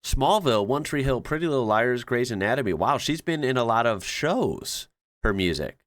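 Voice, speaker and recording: A man's voice: mid-range voice, lively intonation, moderate pace, fairly bright tone, no echo, studio quality. An American man hosting his channel, chatting casually as he reacts to things he reads, rambling and often correcting himself. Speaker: channel host.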